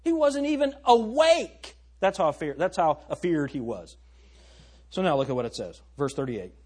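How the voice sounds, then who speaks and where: A man's voice: mid-range voice, sing-song, normal speed, a little mellow, slightly rough. A middle-aged man preaching a sermon as pastor, emphatic and often asking the congregation questions.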